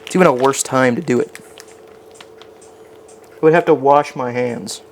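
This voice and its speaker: A man's voice: mid-range voice, moderate pace, slight background noise. A man chatting casually while cooking on a live stream in his home kitchen, rambling and poking fun at himself as he talks to his chat.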